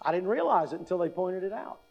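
This muffled recording captures a man in his fifties, a pastor, with a high, expressive voice and a fast delivery. His teaching talk on public speaking is conversational, peppered with "right?" and wry humor.

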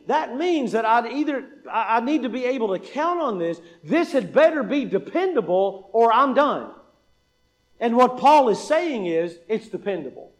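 A man's voice: very high voice, animated, a little slow. A man preaching a sermon, asking the congregation questions and answering them himself, and repeating lines for emphasis. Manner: acts out quoted dialogue in an anecdote.

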